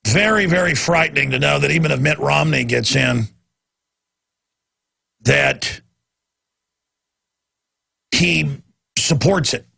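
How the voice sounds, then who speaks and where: Gravelly, forceful talk radio host. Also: male voice, a little high, slow, pauses often, dry recording. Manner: rambling, emphatic, repeats himself. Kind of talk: unscripted talk radio monologue.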